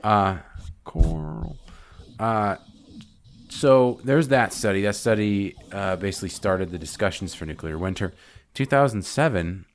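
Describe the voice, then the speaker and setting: Very deep-voiced American man hosting. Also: normal speed, a little hiss or hum. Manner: rambling, reads facts with fillers. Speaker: podcast host. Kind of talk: casual podcast chat.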